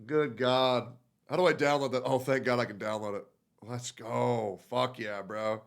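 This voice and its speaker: A man's voice: medium pitch, fairly even intonation, normal speed. A male streamer reacting casually on a live stream, swearing and gushing with frequent exclamations. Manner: profane, gushing, exclaims a lot.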